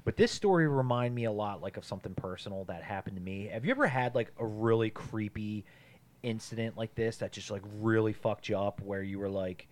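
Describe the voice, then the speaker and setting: A man's voice: on the low side, brisk. Rambling man telling a story. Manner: rambling storyteller, many fillers and swearing. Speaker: podcast co-host. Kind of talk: casual chat.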